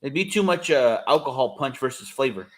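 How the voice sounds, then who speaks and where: Expressive and brisk, with a medium pitch and fairly bright tone, a man from California keeps going loosely as he co-hosts a casual podcast. He sounds eager and easygoing, his rambling speech full of "um"s.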